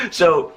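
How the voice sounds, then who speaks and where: High-voiced man telling a story, chuckling. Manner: chuckles often while telling; animated, jokey delivery. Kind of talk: casual personal storytelling.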